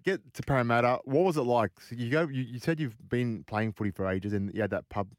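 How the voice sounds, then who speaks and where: An Australian man hosting a podcast, telling sports anecdotes in a lively, animated way. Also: mid-range voice, fast talker, dry recording, clean studio sound. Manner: animated anecdote teller, mimics voices. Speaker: podcast host. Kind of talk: casual storytelling chat.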